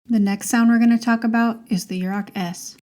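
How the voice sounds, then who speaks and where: A woman's voice: fairly high pitch, fairly even intonation, a little fast, warm tone, faint music behind. A woman hosting a podcast language lesson, patiently modelling sounds and words for listeners to repeat.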